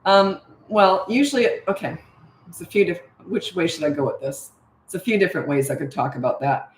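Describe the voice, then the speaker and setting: A middle-aged woman who coaches parents, answering viewer questions in a breezy, matter-of-fact way and acting out parent lines in a bright sing-song. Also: lowish voice, a little fast, a little hiss or hum. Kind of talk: casual Q&A livestream. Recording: echoey room.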